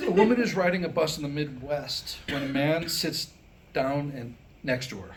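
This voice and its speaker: A man giving a staged comedy reading, telling jokes and slipping into quick voices for the quoted people. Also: medium pitch, animated, a little hiss or hum. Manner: telling jokes, laughing at his own lines. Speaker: script reader.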